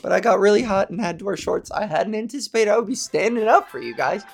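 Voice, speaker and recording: A woman's voice: lively intonation, fast talker, gravelly, soft background music. A woman hosting her own podcast in a rambling, self-deprecating monologue, with a scratchy, slightly sore voice and plenty of swearing. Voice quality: scratchy low voice. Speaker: podcast host. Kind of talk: casual solo monologue.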